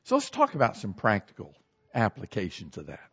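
A man preaching a sermon as a pastor, animated and acting out everyday scenes in shifting voices. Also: lowish voice, fairly quick, husky, dull audio.

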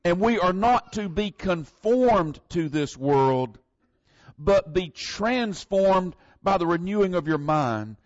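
A man's voice: a little high, dry recording, highs cut off. A man from northern Florida with a Southern accent, preaching a folksy, conversational sermon and leaning hard on the scripture verses.

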